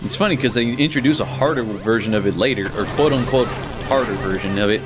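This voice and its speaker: A man's voice: medium pitch, fast, rough recording. A young man giving casual, profane gameplay commentary with laughing asides. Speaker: let's play commentator. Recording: game music under the voice.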